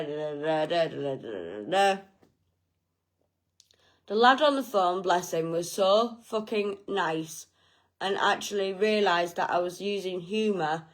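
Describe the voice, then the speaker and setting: A woman telling a personal story in a casual vlog, frank and self-mocking, with plenty of swearing. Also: mid-range voice. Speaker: vlogger.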